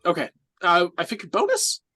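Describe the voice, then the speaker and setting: A woman's voice: lowish voice, huge pitch swings, normal speed, a bit bright, breathy edge, no room sound, soft background music. A woman playing in a tabletop game, casual, swearing and laughing as she checks her rules. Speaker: player.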